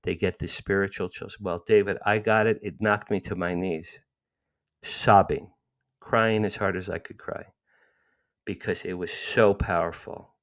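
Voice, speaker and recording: Older guy in his sixties, low voice, tells his story all worked up and keeps restarting. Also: measured pace. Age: 60s. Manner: animated, emotional retelling with frequent restarts. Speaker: guest storyteller. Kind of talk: conversational interview storytelling.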